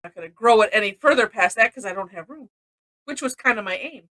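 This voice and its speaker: A woman's voice: a little high, lively intonation, fast talker, a bit bright, rough recording. A woman from Missouri teaching a live-streamed drawing lesson, chatty and rambling, often laughing between steps.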